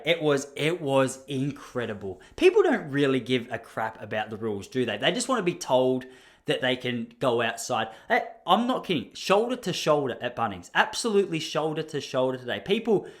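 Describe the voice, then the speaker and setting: An Australian man hosting a podcast, telling a story in a casual, ranting way with mock outrage. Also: on the high side. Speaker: podcast host.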